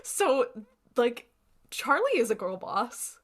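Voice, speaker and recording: A young woman co-hosting a podcast, recapping an episode in casual chat and acting out characters in quick asides. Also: fairly high pitch, big pitch swings, a bit bright. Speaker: podcast co-host.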